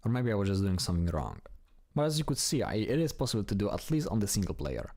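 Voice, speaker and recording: Brief: male gameplay streamer, low and warm tone, relaxed self-talk, casual swearing. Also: fast, dry recording, studio quality. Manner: chatty, talks to himself while building, swears casually.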